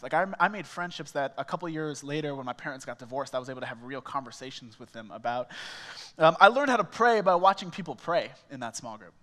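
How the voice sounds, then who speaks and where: A male small groups pastor telling a personal story in a sermon, animated and casual, acting out the dialogue. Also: on the high side, long reverb tail. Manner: animated, acts out quoted dialogue, frequent "like" fillers. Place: church auditorium.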